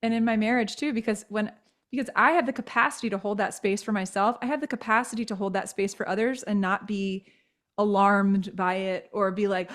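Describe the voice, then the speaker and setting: A woman's voice: medium pitch, steady tone, fairly quick, a bit bright. Woman in her thirties, earnest, reflective storytelling, podcast guest. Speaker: guest speaker. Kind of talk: candid podcast conversation.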